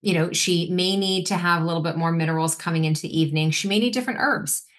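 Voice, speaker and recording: A woman in her forties with a somewhat low voice talks as a guest on a casual podcast. She explains with energy and often slips into quick acted quotes of her clients. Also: a bit bright. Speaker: nutritionist guest.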